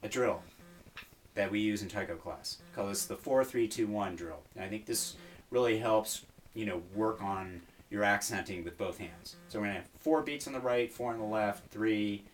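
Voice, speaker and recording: A man teaching taiko drumming in an instructional video, explaining in a relaxed way with fillers and counting beats aloud over his drumming. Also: fairly low pitch, normal speed. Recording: distant mic, drumming behind. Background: taiko drum hits.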